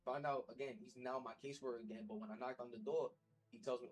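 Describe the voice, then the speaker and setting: A man's voice: mid-range voice, steady tone, quick pace, husky, low-quality recording. A young man talking earnestly and at length about his struggles in a rambling, repetitive way, as a vlogger. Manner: earnest, rambling, repeats himself. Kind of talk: casual personal talk to camera.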